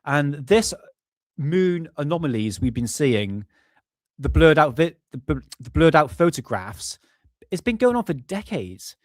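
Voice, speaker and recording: A man's voice: on the high side, sing-song, a little slow, dry recording, clean studio sound. A man casually hosting a live stream, rambling, apologizing often and swearing offhandedly. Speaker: livestream host.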